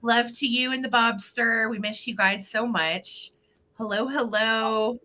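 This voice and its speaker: A woman's voice: a little high, steady tone, a little slow, sharp tone. A woman hosting a live online vintage sale in casual chat, bubbly and greeting viewers by name.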